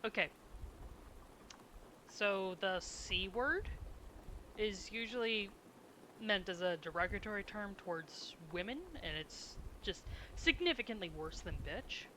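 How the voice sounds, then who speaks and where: Slow chill streamer voice, bright tone, rambly and giggly, chatting while drawing. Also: mid-range voice, a little hiss or hum, low-quality recording. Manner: rambling, chuckles often, talks to chat. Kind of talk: casual chat while drawing emotes on stream.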